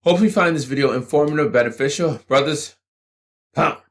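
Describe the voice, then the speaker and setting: A man's voice: a little high, moderate pace. A man giving a blunt, combative motivational rant to the camera, swearing freely as he lectures the viewer. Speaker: channel host.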